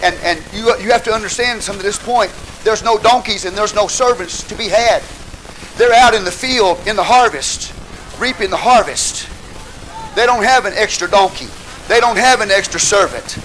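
A man preaching a sermon with fervor, rising at times to shouts and calling out hallelujah to the congregation. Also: high voice, normal speed, slight background noise, rough recording. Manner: calls out hallelujah, asks the congregation questions.

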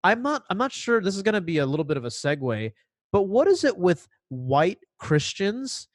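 A man's voice: high voice, big pitch swings, normal speed, no room sound, clean studio sound. A young man in casual podcast chat, talking emphatically and repeating words when worked up.

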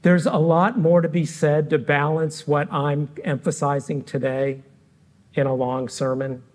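A middle-aged man preaching a sermon as pastor, speaking earnestly and deliberately with frequent pauses between phrases. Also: a little high, level tone. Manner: earnest and reflective.

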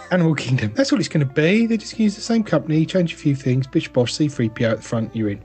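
A man co-hosting a casual podcast, joking and talking in halting starts. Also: a little high, lively intonation, darkish tone, faint music behind. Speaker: podcast co-host. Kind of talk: casual chat.

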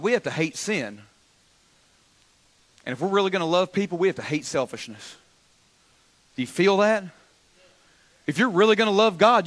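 High, bright-voiced man preaching. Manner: builds from calm teaching to loud, rising exhortation; calls on the congregation to answer back. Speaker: pastor. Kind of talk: sermon. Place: church sanctuary.

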